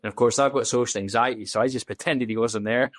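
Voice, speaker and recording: A man's voice: mid-range voice, fairly even intonation, fast, no echo. A man, a podcast guest telling his story in candid, casual talk, blunt and full of swearing, acting out the dialogue he quotes. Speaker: podcast guest, safety officer.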